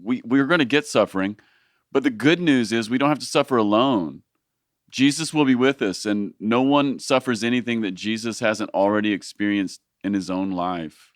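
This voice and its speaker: A man's voice: on the low side, normal speed, no echo. Reflective male podcast host, dry sound. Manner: reflective, rises into preaching. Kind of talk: casual podcast conversation.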